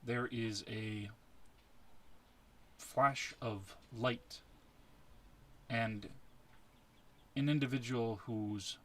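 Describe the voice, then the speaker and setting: A man narrating a tabletop game as its game master in a slow, measured way. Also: medium pitch, steady tone, fairly bright tone.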